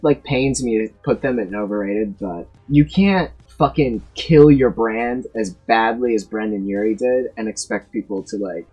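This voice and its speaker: A man in his twenties talks through a casual ranking monologue, blunt and profane, stumbling into restarts as he pushes his opinions. His voice sits at a middling pitch with a slightly husky edge. Faint music plays softly in the background. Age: 20s. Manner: blunt, profane, emphatic rants with frequent restarts. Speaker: tier list video creator.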